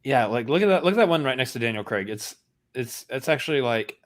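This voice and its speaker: A man co-hosting a film podcast, chatting casually in a rambling, halting way with plenty of fillers. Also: mid-range voice, lively intonation. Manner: rambling, halting, self-deprecating. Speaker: podcast co-host. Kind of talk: casual chat.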